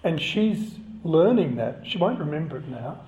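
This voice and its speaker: A man's voice: fairly high pitch, big pitch swings, moderate pace, darkish tone. A man giving a chatty, conversational sermon and joking with the congregation. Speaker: preacher. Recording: echoey, slightly dull church recording.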